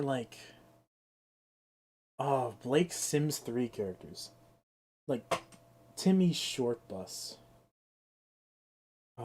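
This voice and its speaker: A man's voice: medium pitch, a little mellow. A young man with a sore throat ranting and swearing through a casual live-stream of a game. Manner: ranting, exasperated, swears freely.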